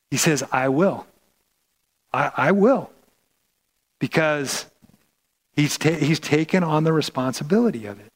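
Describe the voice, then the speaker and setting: A male pastor preaching a sermon in a conversational way, often repeating and restarting words. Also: on the high side.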